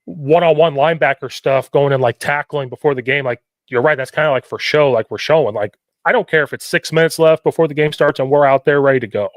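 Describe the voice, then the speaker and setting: Animated host telling coaching stories. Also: male voice, a little high, fast, hardly any pauses, no room sound. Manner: animated storytelling, quoting himself, repetitive questions. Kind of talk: casual podcast conversation.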